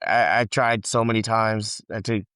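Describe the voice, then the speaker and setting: A man hosting a podcast who interviews his guest in a casual way, swears freely and reacts quickly and excitedly to surprises. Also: lowish voice, clean tone, no echo, clean studio sound. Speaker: podcast host.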